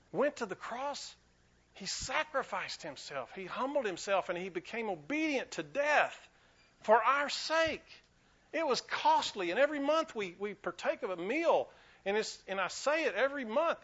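A man's voice: extremely high pitch, fairly bright tone, muffled recording. A man preaching a sermon to his church, building to emphatic, repeated declarations and leading the congregation in call and response. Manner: preaching with rising fervor, repeating lines for emphasis. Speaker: pastor. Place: church sanctuary.

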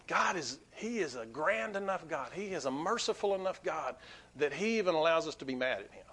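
A man preaching a sermon to his congregation, swinging between quiet asides and loud, emphatic peaks. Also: fairly high pitch, lively intonation, a little fast, slightly rough. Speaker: pastor.

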